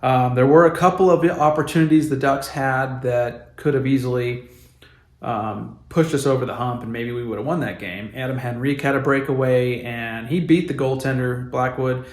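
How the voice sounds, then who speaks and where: A man's voice: medium pitch, steady tone, moderate pace, reverberant. A man giving passionate, exasperated commentary on his hockey team in a casual vlog. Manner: passionate, exasperated, fan ranting. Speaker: hockey vlogger. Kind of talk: opinionated sports commentary vlog.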